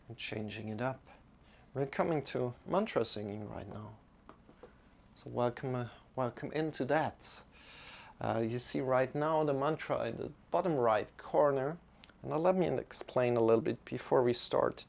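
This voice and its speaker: Male yoga instructor, gently spoken, a bit gravelly and very slow. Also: mid-range voice. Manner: slow, calm instruction with many pauses. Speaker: yoga teacher. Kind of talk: guided yoga and mantra lesson.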